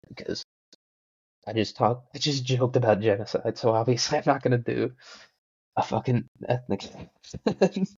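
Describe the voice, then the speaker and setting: A man's voice: lowish voice, darkish tone, no echo. A man hosting a podcast who rambles casually and jokes, often putting himself down. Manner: joking, self-deprecating, full of fillers. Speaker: podcast host. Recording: dull lo-fi home mic.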